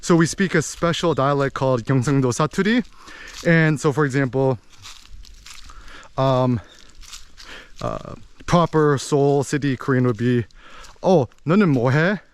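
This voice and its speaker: A man giving a rambling, animated casual monologue as a podcast host. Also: medium pitch, a little slow, pauses often, clear, resonant tone. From United States. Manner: animated, rambling, with many fillers.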